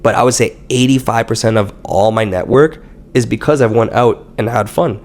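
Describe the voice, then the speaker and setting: A man telling stories in casual podcast chat, animated and swearing, quoting himself and others. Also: medium pitch, moderate pace. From Canada. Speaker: podcast guest.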